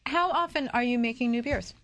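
Woman co-host, fairly high voice, chatty, laughing, casual radio talk. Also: fairly quick, fairly bright tone. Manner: chatty, laughs often, talks with food in mouth.

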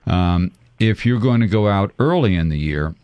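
A man co-hosting a radio advice show, lively and talkative, inviting listeners to seminars. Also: on the low side, normal speed, smooth, no echo, highs cut off. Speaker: radio co-host, retirement planner.

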